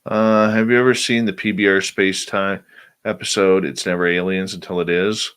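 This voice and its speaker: A man's voice: sits low, steady tone, normal speed, fairly bright tone, clean tone. A male radio show host in casual chat, drowsily reading out and answering listener questions.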